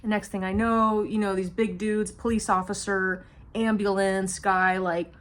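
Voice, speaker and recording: A woman's voice: mid-range voice, little pitch movement, unhurried, fairly bright tone. A woman vlogger telling a personal story in casual, rambling speech, slipping in humor and nervous laughs as she goes. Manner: rambling, many fillers and restarts.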